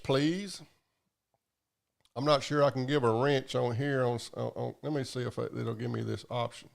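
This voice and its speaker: A man's voice: medium pitch, vocal fry, darkish tone. A man hosting a live stream, chatting casually and profanely while reading viewer comments. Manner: rambling, profane, drawling. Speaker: livestream host.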